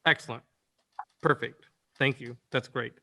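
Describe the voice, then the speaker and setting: A man's voice: mid-range voice, fairly even intonation, measured pace, pushed and bright. A man directing voice actors in a recording session, giving rambling instructions full of fillers over a video call.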